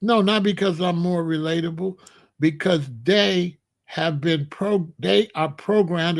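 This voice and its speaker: Here a man in his sixties runs his own show, speaking in a high, creaky voice through a relaxed monologue. His delivery is emphatic and repetitive, with words deliberately drawn out.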